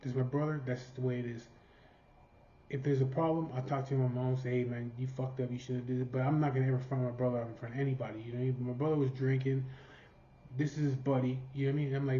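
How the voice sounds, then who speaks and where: His medium-pitched voice is warm but flat in delivery, coming out rapid-fire. He tells a personal story casually, bluntly, and with plenty of profanity, performing each person's lines himself, on a dull, slightly noisy recording.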